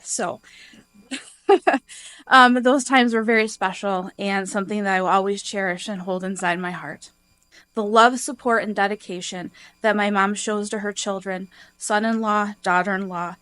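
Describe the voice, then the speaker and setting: A woman's voice: medium pitch, steady tone, normal speed, fairly bright tone, no room sound. A woman from the congregation reads a prepared personal tribute from the front of the church, earnest and emotional. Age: adult. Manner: earnest, emotional, tearful at times. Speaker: congregation member giving a tribute. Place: church sanctuary.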